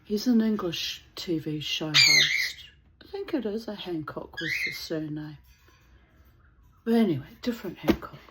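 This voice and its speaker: A woman's voice: lowish voice, animated, a little slow, heavy background noise. A woman telling a rambling, digressive anecdote in casual chat, breaking into laughter often. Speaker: channel host.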